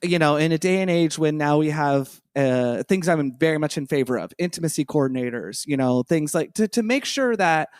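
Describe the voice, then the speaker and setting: A man's voice: on the high side, expressive, moderate pace, few pauses, clear, resonant tone, dry recording, clean studio sound. A man co-hosting a podcast who talks in a rambling, enthusiastic way, full of "you know". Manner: rambling, enthusiastic, lots of fillers. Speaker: podcast co-host. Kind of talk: casual podcast chat.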